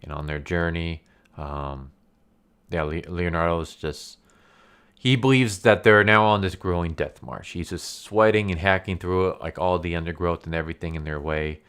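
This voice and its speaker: A man's voice: deep voice, fairly even intonation, moderate pace, fairly bright tone, clean tone. A man casually recapping a comic story, rambling with many fillers and frequent laughs. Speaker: comic book review YouTuber.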